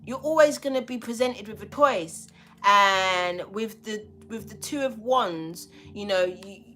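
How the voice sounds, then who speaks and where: A woman's voice: medium pitch, unhurried, pushed and bright, faint music behind. A woman giving a spiritual tarot reading, talking bluntly and emphatically with a lot of swearing. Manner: blunt, profane, emphatic preaching.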